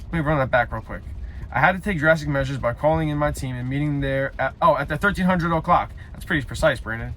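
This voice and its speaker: A young man reading a story aloud haltingly, breaking off for loud self-mocking side comments. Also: fairly high pitch, a little hiss or hum. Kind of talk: casual read-aloud with joking asides.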